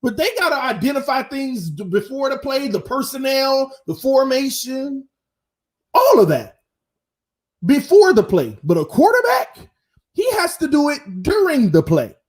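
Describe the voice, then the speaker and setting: A man's voice: very high voice, unhurried. A man hosting his own sports channel, chatting casually and slangily to viewers on a live stream. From Florida. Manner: animated, talks straight to viewers, slangy.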